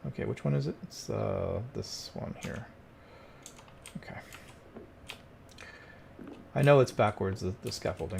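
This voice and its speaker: Gravelly man muttering at a game. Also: on the low side, measured pace, pauses often, background noise. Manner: muttering, exasperated, talks to the game. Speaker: streamer playing a cleaning game. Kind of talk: casual gameplay commentary.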